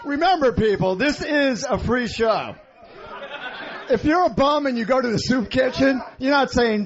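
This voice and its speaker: A man's voice: extremely high pitch, lively intonation, a little slow. A man emceeing a comedy contest on a radio show, brash and crude. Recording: muffled radio broadcast, live crowd.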